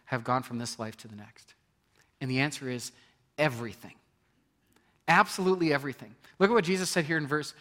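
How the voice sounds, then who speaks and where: Frequent restarts mark this man's earnest sermon as he works up to emphatic points. The pastor's voice is medium in pitch and a bit bright.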